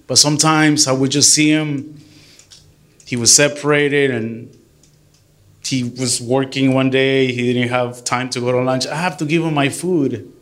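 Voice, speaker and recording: A middle-aged man who is a deacon, giving an earnest, animated church talk to a group and mixing English with Spanish. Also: mid-range voice, a little slow.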